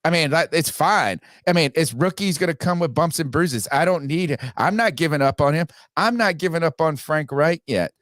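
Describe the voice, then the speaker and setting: A man's voice: on the high side, normal speed, few pauses, a bit bright, no room sound, clean studio sound. A man hosting a casual sports podcast, reading out viewer donations and giving blunt opinions with frequent restarts. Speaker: podcast host.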